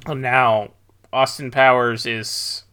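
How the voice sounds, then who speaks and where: A man's voice: mid-range voice, little pitch movement, slow pace, bright, forceful tone, smooth. A man co-hosting a casual movie podcast, joking and laughing often as he talks. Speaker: podcast co-host.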